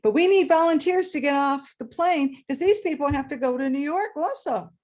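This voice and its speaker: A woman storyteller quoting a calm male co-pilot announcing to passengers. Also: sits high, normal speed, voice pushed up, lightly acted.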